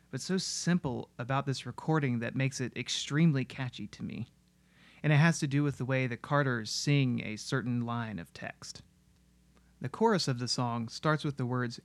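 A man giving scripted narration that explains music in an analytical, steady way. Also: medium pitch, no room sound. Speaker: music video essayist.

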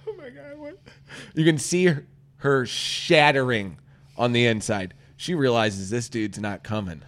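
A man of ordinary pitch hosts a casual comedy show. He tells stories in a loose, profane way, slipping into the voices of the people he describes. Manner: animated, profane, storytelling with acted-out quotes. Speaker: radio show host.

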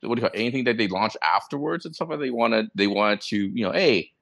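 A man co-hosts a podcast in casual chat, joking and laughing often, his medium-pitched voice animated, fast, creaky and a bit bright. The studio-quality recording has no room sound.

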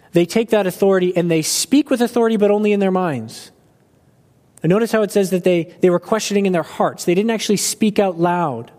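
A man with a somewhat high voice delivers an expository sermon in a loose, conversational way, climbing higher when he drives a point home. His words ring out with a long reverb that trails through the hall. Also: darkish tone. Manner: expository, conversational, rising in pitch for emphasis. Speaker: preacher.

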